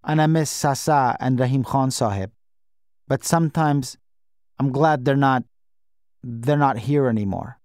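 A man voicing a grieving young boy with a small, wheezy, croaking voice, speaking haltingly through tears. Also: mid-range voice, a little mellow, dry recording, clean studio sound, close to an everyday voice. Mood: sobbing.

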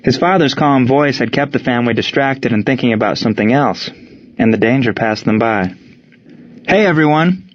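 A man reads a story aloud in scripted narration, steady and measured from line to line. His voice sits at an ordinary middle pitch. The recording is slightly dull and lo-fi. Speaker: audiobook narrator.

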